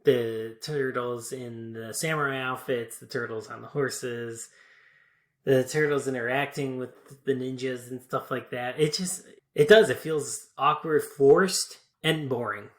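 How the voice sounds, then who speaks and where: A man's voice: mid-range voice, measured pace. Laid-back man in an echoey room. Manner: laid-back, laughs often, hedging. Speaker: podcast co-host. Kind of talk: casual movie review chat.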